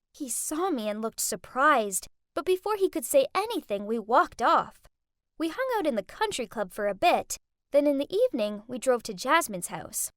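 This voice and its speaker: A young woman narrating a first-person animated story in a lively, dramatic way. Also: high-pitched, moderate pace, no echo, studio quality.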